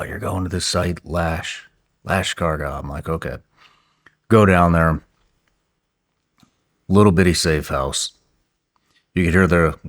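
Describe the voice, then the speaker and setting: A man with a very deep voice hosts the conversation and tells his own side of the story. His phrasing is blunt, profane and clipped. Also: fairly bright tone. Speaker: podcast host. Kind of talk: casual storytelling.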